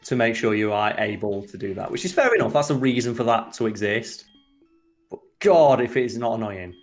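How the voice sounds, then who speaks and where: Let's play co-host: man, middle pitch, sweary exasperated banter, faint game music underneath. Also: lively intonation, fairly quick. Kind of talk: casual gameplay commentary.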